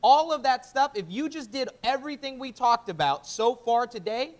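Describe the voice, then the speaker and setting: A man presenting a live sales training workshop, energetic and emphatic, often quizzing the audience. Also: extremely high pitch, moderate pace.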